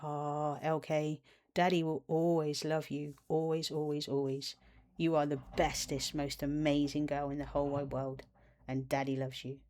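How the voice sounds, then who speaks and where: A woman's voice: deep voice, flat delivery, a little mellow, natural voice. Woman speaking as a tender parent figure. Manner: tender, soothing, slow reassurance. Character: gentle loving parent voice, calling itself Daddy.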